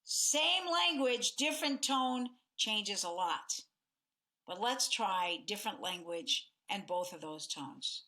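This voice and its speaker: A woman's voice: on the high side, takes it slowly. A middle-aged woman hosting a self-help podcast as a life coach, talking expressively and acting out examples of dialogue. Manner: expressive, acts out quoted dialogue in different tones.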